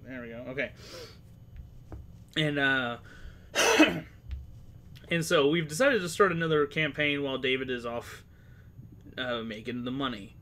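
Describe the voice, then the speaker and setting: A man's voice: medium pitch, animated, a little slow, pauses often, sharp tone. Guy running a d&d stream, rambly, swears, bit of a sore throat, faint hum behind. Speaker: game master. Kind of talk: casual game stream chat.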